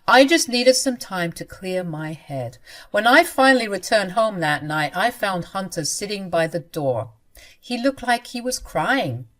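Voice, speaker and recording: Woman narrating a dramatic personal story. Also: mid-range voice.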